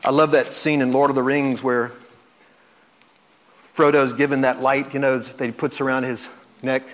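A man preaching a sermon, earnest, repeating words and swinging from loud emphasis to soft, slow passages. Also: mid-range voice, flat delivery.

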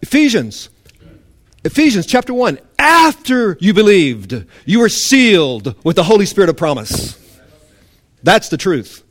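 Impassioned preacher, higher-pitched man. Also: big pitch swings, a little slow. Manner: impassioned, swings between loud emphasis and hushed intensity; mock-indignant voice for a legalist's complaint. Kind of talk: sermon.

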